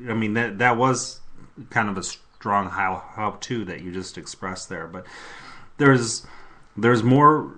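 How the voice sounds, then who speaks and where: A man co-hosting a self-help talk show, speaking in a thoughtful, hesitant way with many pauses. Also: fairly low pitch, bright, forceful tone. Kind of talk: motivational talk radio chat.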